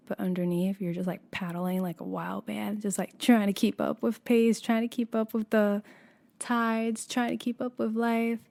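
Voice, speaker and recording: A woman in a soft-spoken ASMR chat, rambling through meandering musings and often slipping into a half-whisper. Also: mid-range voice, steady tone, normal speed, creaky. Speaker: ASMR creator.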